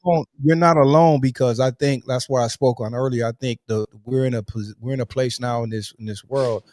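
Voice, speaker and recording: A man's voice: medium pitch, steady tone, fairly quick, a little mellow. A man hosting a live interview show, talking casually and reassuringly with repeated phrases. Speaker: host.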